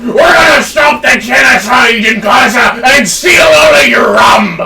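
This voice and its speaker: A man putting on a loud, gruff cartoon pirate voice. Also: very high-pitched, measured pace, echoey room, recorded from a distance, a loud crowd, exaggerated voice. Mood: boisterous. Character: blustering male cartoon pirate.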